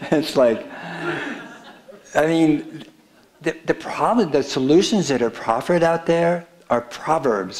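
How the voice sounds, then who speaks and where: A man's voice: mid-range voice, vocal fry, darkish tone. An older man giving a conversational, wry public lecture with slides about his book in an auditorium, often laughing at his own jokes. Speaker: speaker presenting his book. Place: town hall auditorium.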